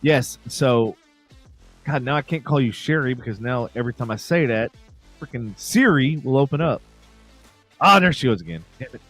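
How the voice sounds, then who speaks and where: Lively, joking podcast co-host man. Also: mid-range voice, normal speed, pauses often, faint music behind. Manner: joking, swears freely. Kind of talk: casual live-stream chat.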